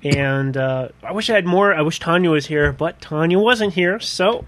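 A man's voice: fairly high pitch, normal speed, a bit bright. A man hosting a casual podcast, rambling with frequent laughs and fillers. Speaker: podcast host. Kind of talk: casual chat.

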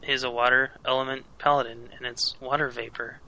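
A man co-hosting a casual podcast chat, explaining things and trailing off softly. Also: medium pitch, flat delivery, brisk, muffled recording. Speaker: podcast co-host.

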